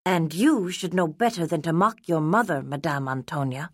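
A woman doing a low, reproving governess. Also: normal speed, no echo, studio quality. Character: older female governess, reproving but amused.

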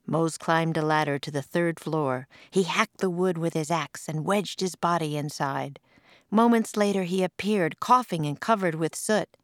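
A woman reads a storybook aloud, her voice sitting a little low. She is expressive and lively, and the recording is dry and close with no room sound. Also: unhurried, no echo. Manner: expressive, puts on voices for quoted lines. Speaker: author and narrator.

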